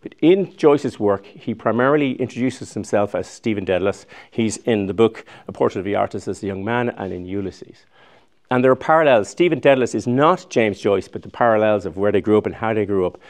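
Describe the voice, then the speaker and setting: A gravelly, fairly low-voiced man in his sixties gives a public lecture. He talks in a chatty, digressive way, circling back and restarting phrases as he goes. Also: lively intonation, brisk. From Ireland. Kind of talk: recorded public lecture with slides.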